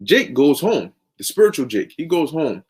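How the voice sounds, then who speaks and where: A man's voice: fairly high pitch, big pitch swings, moderate pace, darkish tone, breathy edge. A man preaching through a long story in casual, slangy, conversational talk. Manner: conversational, lots of fillers and restarts, slang.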